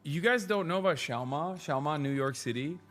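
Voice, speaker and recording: A young man hosting a stream, chatting and joking excitedly with friends and swearing casually. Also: a little high, moderate pace, soft background music. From United States. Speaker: streamer host. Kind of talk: casual reaction chat with friends.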